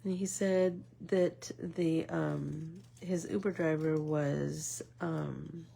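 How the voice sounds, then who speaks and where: A middle-aged woman vlogger chatting casually as she makes art, telling a rambling story with many fillers and now and then dropping to a soft whisper. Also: deep voice, steady tone, extremely slow, vocal fry, slight background noise. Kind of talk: casual chat while making art.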